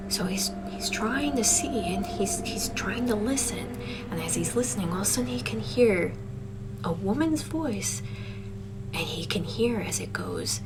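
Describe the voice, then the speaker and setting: Lady whispering a spooky campfire tale, medium pitch, hissy background. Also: animated, moderate pace. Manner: hushed, mostly whispered delivery. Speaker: storyteller.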